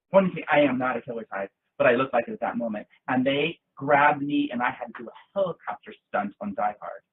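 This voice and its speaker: A man guest in an interview, telling animated, theatrical stories in a casual chat. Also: medium pitch, quick pace, few pauses, slightly rough. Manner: lively, theatrical storyteller with bursts of laughter. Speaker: guest, actor. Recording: tinny lo-fi line.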